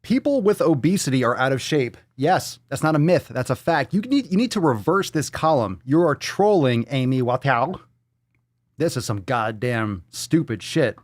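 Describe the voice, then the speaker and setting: A male podcast host ranting on a live stream, profane and mocking throughout. His pitch leaps and dives all over the place, and he swings from loud outbursts to low muttered asides. The sound is close and dry, with no room around it. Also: expressive, normal speed, no echo.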